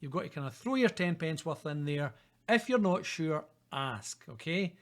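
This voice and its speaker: A middle-aged Scottish man lecturing to students in a casual, conversational way. His voice sits a little high for a man, and he keeps checking in with his listeners as he talks. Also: animated, normal speed. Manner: chatty, informal, peppered with "okay?" and "guys". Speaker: university lecturer. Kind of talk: recorded lecture.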